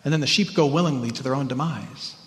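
A man preaching a sermon as pastor, earnest and emphatic, sometimes rising in pitch and sometimes dropping to a hush. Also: fast talker. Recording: church hall reverb.

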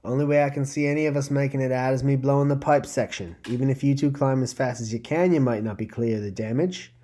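A man's voice: medium pitch, steady tone, fast, warm tone, pitched above the performer's own voice, lightly acted. A man voicing a tough, defiant young woman gang leader who talks in coarse slang, curt and grim.

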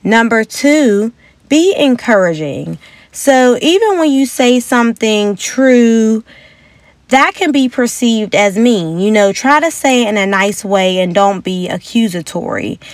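A young woman hosting a motivational podcast in a casual, chatty and upbeat way, now and then acting out quotes in a higher voice. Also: expressive, measured pace, dry recording. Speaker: podcast host.

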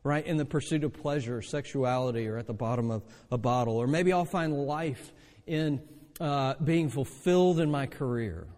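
A man preaching a sermon as pastor, animated, asking rhetorical questions and acting out the lines he quotes. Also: mid-range voice, moderate pace. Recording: long reverb of a large hall.

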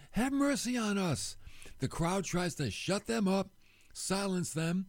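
Man, casual sermon, animated storytelling, rhetorical questions, lively voice. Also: fairly high pitch, dry recording. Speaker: preacher.

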